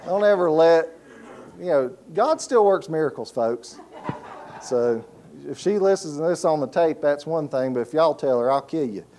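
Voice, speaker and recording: A man's voice: on the high side, expressive, normal speed, warm tone, slight background noise. A middle-aged man preaching a sermon, telling folksy stories and asking the congregation to fill in words. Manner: folksy storytelling with laughs and call-and-response questions. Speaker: pastor.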